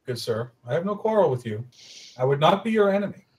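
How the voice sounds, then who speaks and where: A courtly adventurer, as a man puts him on at a tabletop game, grandly polite and formal, pitched a touch higher than his everyday talk. He questions a stranger with exaggerated good manners. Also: big pitch swings, fast, a little mellow, low-quality recording. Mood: courtly, probing.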